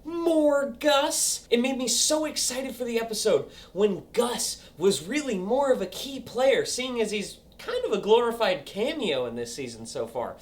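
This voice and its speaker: A young man reviewing a TV episode, excitable and goofy, acting out scenes as he goes. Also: sits high, normal speed, few pauses. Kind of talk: casual review vlog.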